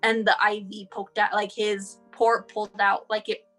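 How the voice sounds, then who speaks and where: A woman's voice: medium pitch, level tone, normal speed, a bit bright, faint music behind. A woman sharing her son's story as a guest, talking casually and running on with "like" and "you know".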